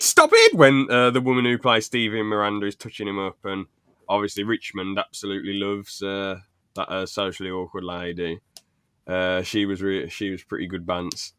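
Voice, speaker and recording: A young man hosting a podcast in casual chat, animated and blunt, laughing often. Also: on the low side, clear, resonant tone, dry recording, studio quality. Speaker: podcast host.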